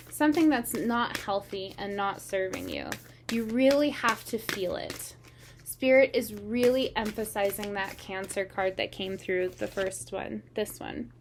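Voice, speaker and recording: A woman's voice: medium pitch, background noise. A woman giving a casual tarot reading, talking in an earnest, meandering way. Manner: meandering, earnest, slow and unhurried. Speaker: tarot reader.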